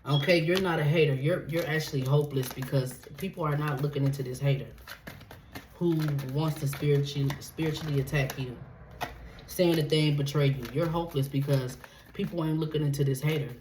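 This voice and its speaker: There's steady background noise and echo as a woman gives a tarot reading in a low voice, talking a little fast. She doesn't soften anything, swears, and keeps asking "okay?" after nearly every point.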